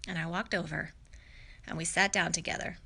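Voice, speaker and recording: Candid woman, slightly gravelly. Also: lowish voice, steady tone, brisk, sharp tone. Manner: candid, reflective, chatty with many fillers. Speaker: vlogger. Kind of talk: personal storytelling to camera.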